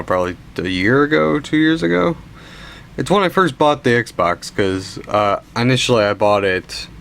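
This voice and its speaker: A man's voice: lowish voice, a bit bright, slight background noise. Sleepy young man rambling about games. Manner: rambling, tired, frequent yawns and restarts. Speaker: collection video host. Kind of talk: casual show-and-tell narration.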